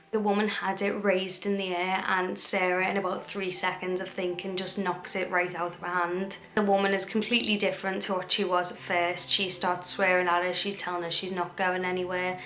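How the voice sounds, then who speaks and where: A woman's voice: fairly low pitch, fairly bright tone. A young woman vlogger retelling a true crime story in a chatty way, acting out the quoted dialogue. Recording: echoey room.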